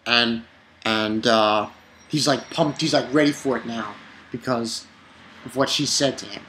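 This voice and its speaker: A man casually recapping an anime episode, excitable and animated, with the odd curse word. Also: medium pitch, measured pace, a little hiss or hum. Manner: excitable, animated retelling with swearing. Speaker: anime reviewer.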